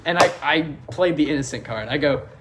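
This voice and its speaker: A man's voice: fairly high pitch, fairly quick, heavy background noise. A young man co-hosting a podcast, telling a crude story among friends and laughing through it. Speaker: podcast co-host.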